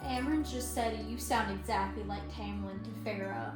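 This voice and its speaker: This young woman speaks at normal speed in a medium-pitched voice during a casual reading vlog chat about a book she's listening to. Her rambling is peppered with fillers and self-corrections, and background music sits under her voice.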